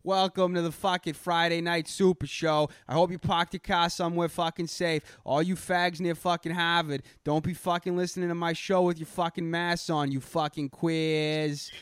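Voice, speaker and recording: A man's voice: a little high, flat delivery, clear, resonant tone, no room sound, studio quality, close to an everyday voice. A man putting on a brash Boston tough guy. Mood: mocking. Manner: shouting insults, slow and exaggerated. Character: loud abrasive Boston tough-guy show host, male.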